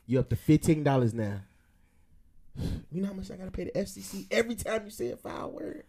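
Man, podcast co-host, gravelly, husky, lively swings in pitch, playful teasing. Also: brisk. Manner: playful, laughs often, teasing. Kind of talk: casual banter with his wife.

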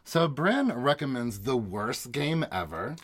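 Chatty male podcast co-host, animated, middle-pitched voice that swings widely. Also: takes it slowly, slightly rough. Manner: chatty, animated, laughs often. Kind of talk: casual chat recapping reality TV.

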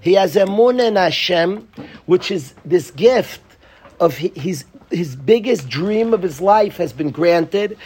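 A man's voice: high voice, expressive, unhurried, darkish tone, breathy edge. A man teaching a Torah class to students, pleading and passionate, joking with them at times.

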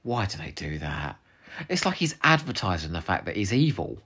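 A man's voice: low-pitched, very animated, moderate pace, pushed and bright, slightly rough. A man co-hosting a podcast, chatting casually and animatedly, laughing often with playful asides. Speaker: podcast co-host.

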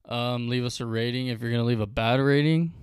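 A man's voice: medium pitch, steady tone, brisk, clear, resonant tone, no room sound, clean studio sound. A man co-hosting a podcast, in a loose, casual, laid-back chat. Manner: laid-back, loose, drawling sign-off with fillers. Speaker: podcast co-host.

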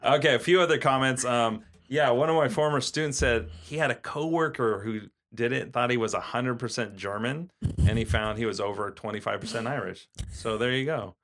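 A male podcast co-host chats casually and rambles, his talk full of fillers and restarts. He speaks briskly at a medium pitch with a somewhat bright tone.

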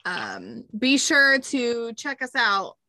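A woman's voice: a little high, slow, gravelly, no echo. A young woman co-hosting a podcast in casual chat, talking with lots of "um"s and telling stories with animation. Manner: chatty, many "um"s, animated storytelling. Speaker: podcast co-host.

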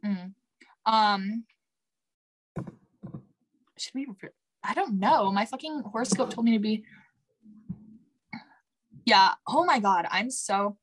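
A young woman co-hosting a podcast, telling stories in a blunt, profane, animated way. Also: mid-range voice, takes it slowly, pauses often. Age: young adult. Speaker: podcast co-host. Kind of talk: casual chat.

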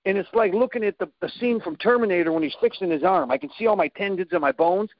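Male storyteller, high animated voice with gravel, acts out sound effects; dry, slightly muffled recording. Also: fast talker, no echo. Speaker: guest telling a story. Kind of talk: casual storytelling.

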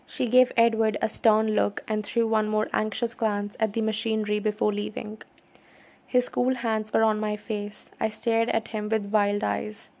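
Gravelly-voiced woman reading a novel. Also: medium pitch, little pitch movement, unhurried, darkish tone. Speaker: audiobook reader. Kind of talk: first-person novel narration.

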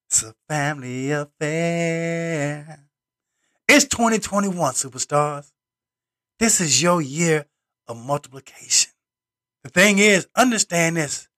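A man hosting a motivational podcast, speaking in punchy, repeated slogans with preacher-like emphasis, swinging between loud bursts and low asides. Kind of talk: motivational monologue.

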